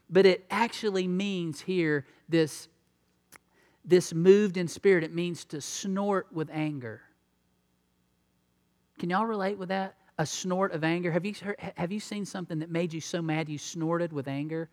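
A man's voice: fairly high pitch, big-room sound. A man preaching a conversational sermon, acting out the quotes of the people he talks about. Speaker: pastor.

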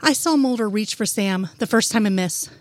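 A woman's voice: medium pitch, animated, moderate pace, faint music behind. A woman reading a fanfic aloud in first-person narration, with an earnest, emotional delivery.

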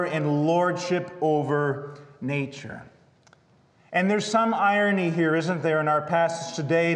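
Pastor, male, fairly high voice, measured sermon delivery with dry humor, long church reverb. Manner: dramatic pauses, reads scripture then preaches with wry asides. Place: church sanctuary.

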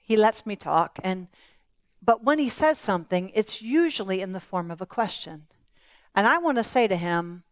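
A woman's voice: mid-range voice, expressive, normal speed, dry recording. Earnest woman preaching a sermon. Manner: earnest, questioning, voicing Bible figures in prayer.

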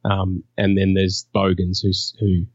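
Aussie guy on a podcast, low and kinda monotone, husky, muffled lo-fi sound. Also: no echo. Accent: Australian. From Australia. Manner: measured, hesitant with ums. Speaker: podcast co-host. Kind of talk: casual chat. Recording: dull lo-fi sound.

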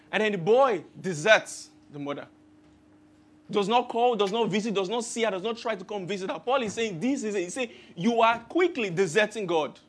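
High-voiced man preaching. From Nigeria. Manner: storytelling, acts out quoted voices with rising emphasis. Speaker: pastor. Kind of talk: sermon.

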